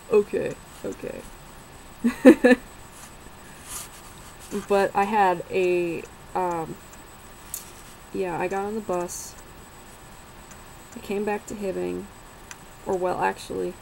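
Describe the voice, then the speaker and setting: Young woman, casual vlog storytelling, unhurried and frank, faint background hiss. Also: mid-range voice, gravelly, darkish tone, low-quality recording. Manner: unhurried, rambling, swears and laughs while telling.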